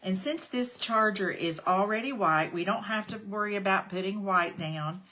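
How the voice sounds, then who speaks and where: Bright and forceful in tone, this woman's mid-range voice moves at a moderate pace. She hosts a casual craft demo on a livestream, chatting between steps and welcoming viewers by name.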